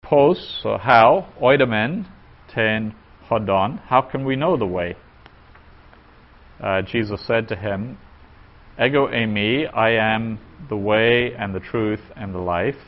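A man teaching a language lesson, reading passages aloud slowly and then parsing them word by word. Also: on the low side, dull audio. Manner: slow and methodical, reads passages aloud then parses them. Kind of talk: Koine Greek lesson.

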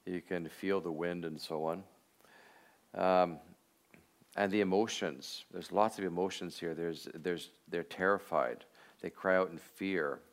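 A man teaching a class, leading a guided meditation on a Bible passage in a reflective, unhurried way with frequent filler pauses. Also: deep voice, steady tone.

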